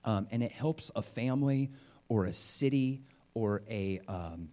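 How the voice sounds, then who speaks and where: A male preacher delivering a sermon in a lively, chatty way. He talks to the congregation like a friend and often acts out the voices of the people in his stories. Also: medium pitch, a little slow. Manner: animated and conversational, acts out quotes.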